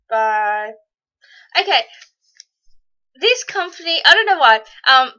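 Australian woman, beauty vlogger, bubbly, rambling, bright higher voice, dull lo-fi sound. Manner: bubbly and excitable, squeals with delight, rambles with many ums. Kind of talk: casual unboxing chat.

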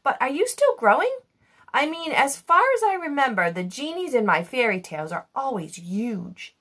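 A woman's voice: sits high, sing-song, moderate pace, a bit bright, breathy edge, exaggerated voice. A woman reading aloud, voicing a polite, inquisitive young girl. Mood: curious.

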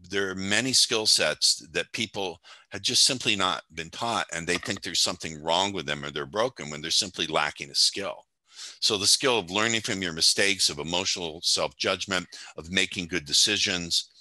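Low-voiced, bright older man explaining calmly. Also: dry recording. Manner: measured, explanatory, confident. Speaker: hypnotist and motivational speaker guest. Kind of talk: podcast interview conversation.

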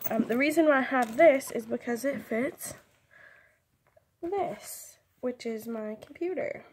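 A woman's voice: on the high side, a little slow, slight background noise. A young woman chatting casually in a vlog, rambling and giggling, with lots of "like" and "um". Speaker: vlogger. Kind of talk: casual chat.

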